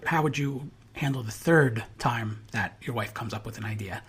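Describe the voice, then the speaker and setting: A man hosting a podcast, asking his guest measured questions. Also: medium pitch, slightly rough. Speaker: podcast host. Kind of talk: interview questions.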